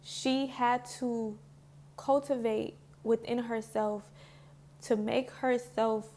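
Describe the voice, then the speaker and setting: Woman, raspy fry in her voice, a bit high, casual heartfelt vlog talk, emotional, rambling. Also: little pitch movement, slow pace, dark tone. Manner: earnest and heartfelt, loose with many "like"s. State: emotional, near tears. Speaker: spiritual healing vlogger. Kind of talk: casual reflective talk to camera.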